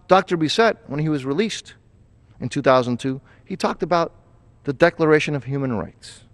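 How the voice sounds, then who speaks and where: A man delivers a formal floor speech in a legislative chamber, pressing his points emphatically and often restarting a phrase mid-sentence. His voice sits at an ordinary middle pitch. The close sound is dry, but a long reverb trails off through the large hall. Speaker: congressman giving a floor speech.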